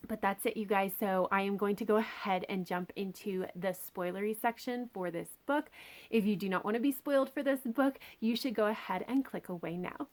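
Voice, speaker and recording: A woman's voice: mid-range voice, a little fast. A woman reviewing a book in a casual, chatty, enthusiastic way, full of filler words. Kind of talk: casual chat.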